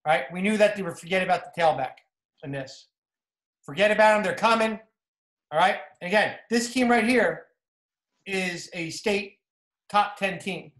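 A man with a New Jersey accent, a football coach giving a clinic talk over game film in an energetic, repetitive coaching way. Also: sits high. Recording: roomy echo.

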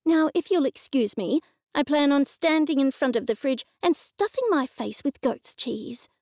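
A woman voicing an indignant middle-aged widow in an audiobook, answering her grown children with sharp, snappy retorts. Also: high-pitched, animated, normal speed, no room sound, studio quality, voice pushed up.

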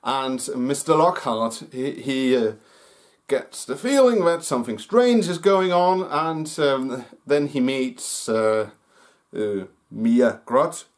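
A man hosting his own movie review show, talking in a casual, unscripted way with many pauses, fillers and restarts. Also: medium pitch, animated.

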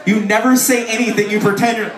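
A man from the area, giving a loud, profane comic talk to a festival crowd from a stage, swearing and putting on mock voices. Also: sits high, fairly even intonation, fast, noisy background. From Chicago area. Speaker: author speaking at a music festival. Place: festival stage at a bar venue. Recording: echoey live venue, mic heard from a distance.

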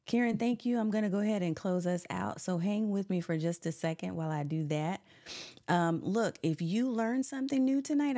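A woman's voice: low-pitched, mellow. A woman hosting a live-stream interview, upbeat and laughing often as she reads viewer comments aloud. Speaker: host.

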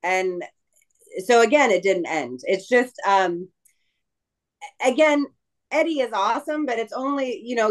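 Middle-aged woman guest, chatty but emotional, keeps restarting sentences, average pitch. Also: low-quality recording. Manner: emotional, halting, frequent restarts. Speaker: guest wrestler. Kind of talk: casual interview chat.

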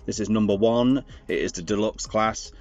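A man's voice: on the low side, normal speed, a little mellow, lo-fi sound, soft background music. A man hosting his channel, chatting casually and digressing with jokes while reviewing a toy.

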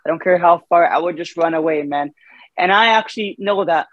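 A man's voice: fairly high pitch, brisk, a bit bright, dry recording, highs cut off. A young man in casual chat, laid-back and hesitant, often saying "man".

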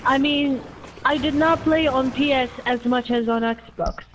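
Slow-talking, giggly woman streamer. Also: high-pitched, slight background noise, low-quality recording. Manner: hesitant, giggly, many restarts. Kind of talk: casual gameplay chat.

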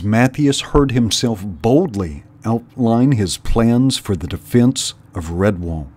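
A man reading a children's novel aloud in an unhurried, deliberate way, as host of a storytime channel. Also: fairly low pitch, animated, darkish tone.

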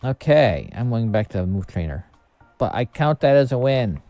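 A man streaming a video game, chatting casually and muttering asides to himself with quick bursts of cheer. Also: medium pitch, very animated, dark tone, no room sound. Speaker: VTuber streamer. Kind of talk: casual gameplay commentary. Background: faint background music.

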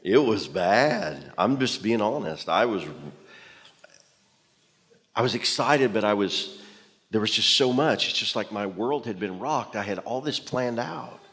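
A man, a pastor telling a personal story in a sermon with animated, self-deprecating humor. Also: fairly low pitch, measured pace, big-room sound. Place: church auditorium.

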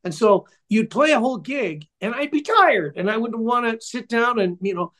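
Older male musician guest, high-pitched, loves to ramble through anecdotes. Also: lively intonation, normal speed, pushed and bright. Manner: chatty, rambling storyteller. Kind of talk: casual interview storytelling.

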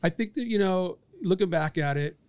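Measured man weighing his words. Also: high-pitched, darkish tone, clean tone, no echo. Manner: measured, hesitant with ums, analytical. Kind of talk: casual podcast chat.

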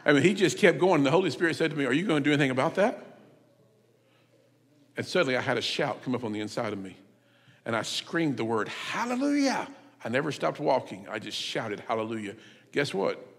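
A man preaching a sermon as a visiting speaker, telling stories and rising to loud, emphatic shouts. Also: mid-range voice, lively intonation, fast. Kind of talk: sermon with storytelling. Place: church sanctuary. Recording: long church reverb.

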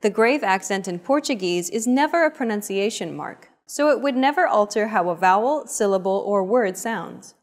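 A woman narrates a language lesson, explaining each rule in an even, steady voice. Her delivery is scripted and explanatory, at a mid pitch. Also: normal speed, hardly any pauses.

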